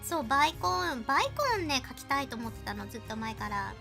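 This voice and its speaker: A woman's voice: sits high, animated, very fast, creaky, over music. A woman hosting a casual live drawing stream, switching between Japanese and English and laughing often as she chats. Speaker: live-stream artist and host.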